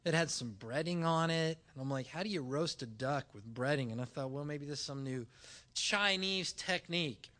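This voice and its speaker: A man preaching with a high, bright voice. He tells stories animatedly, acting out both sides of a conversation. The voice stays clear and forward throughout. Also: normal speed. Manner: animated storytelling, acting out dialogue. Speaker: pastor. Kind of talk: sermon with personal story.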